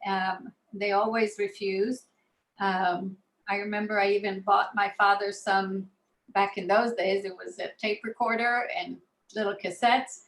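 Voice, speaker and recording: Woman born in Israel, guest speaker, relaxed anecdotal storytelling, roomy echo. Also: medium pitch, unhurried. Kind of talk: personal storytelling talk.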